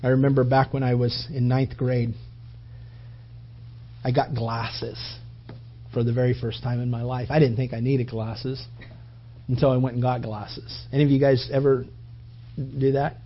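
Pastor with a husky voice, preaching in animated, story-driven bursts, recorded on a dull, low-fidelity feed. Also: measured pace, pauses often. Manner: frequent restarts and repetitions. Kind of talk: sermon.

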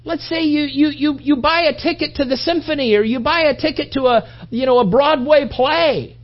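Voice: high voice, normal speed. A pastor preaching a sermon, telling stories animatedly, stumbling and repeating words as he builds up points. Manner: animated storytelling, acts out quoted voices; frequent restarts and repetitions. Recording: dull lo-fi recording.

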